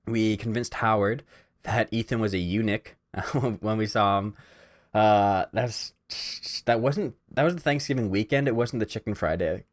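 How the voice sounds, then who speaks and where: Young man, from Canada, podcast host, casual solo chat, rambling, filler-heavy, lowish voice. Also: moderate pace.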